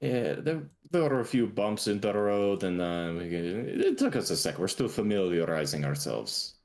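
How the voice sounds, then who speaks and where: Very deep-voiced man playing a tabletop game. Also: very animated, moderate pace. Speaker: player. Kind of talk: in-character tabletop play.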